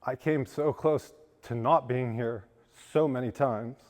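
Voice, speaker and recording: A man from western Pennsylvania speaks earnestly at a lunch event, telling his recovery story with halting restarts. His voice cracks with feeling. The sound carries a long reverb from the hall, and his pitch sits in a mid range. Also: a little mellow. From western Pennsylvania, USA. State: voice cracking with emotion. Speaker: guest speaker. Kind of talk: personal recovery testimony speech.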